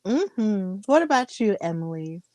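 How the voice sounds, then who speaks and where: A woman's voice: mid-range voice, very animated, measured pace, mellow, dry recording. A woman hosting a casual wrestling recap chat, telling the story in a gushing, emotional way. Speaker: host.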